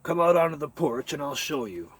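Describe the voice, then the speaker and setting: A man's voice: on the high side, animated, fairly quick, breathy edge, pitched above the performer's own voice. A man doing a flustered, pleading ship captain. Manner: uncertain and pleading. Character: flustered male spaceship captain, middle-aged.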